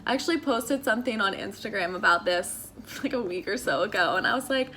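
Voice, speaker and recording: A young American woman from Maryland speaks in a bright, forceful voice of medium pitch, with lively intonation and a fairly quick pace. She's vlogging about faith and lifestyle in a casual way, sounding chatty, earnest and encouraging, and she uses lots of fillers.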